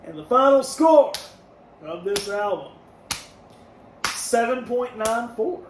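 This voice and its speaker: High-voiced man in an echoey room. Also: takes it slowly, recorded from a distance. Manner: relaxed, gives scores out of ten, laughs easily. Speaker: podcast co-host reviewing albums. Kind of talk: casual review chat. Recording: echoey room, mic set back, faint noise.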